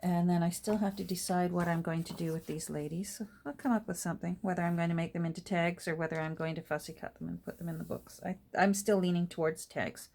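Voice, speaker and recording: Chatty woman with a lowish voice. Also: fairly even intonation, fast talker, creaky, hardly any pauses. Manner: chatty and rambling, soft asides to her materials. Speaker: junk journal crafter and vlogger. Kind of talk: casual chat while crafting.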